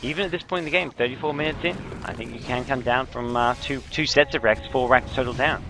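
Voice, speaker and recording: A young man casting a video game match on his own, with a slight French accent, explaining strategy calmly and getting excited on big plays. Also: medium pitch, quick pace, background noise. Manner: analytical, rising to excited bursts on big plays. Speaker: esports caster. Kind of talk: solo game commentary.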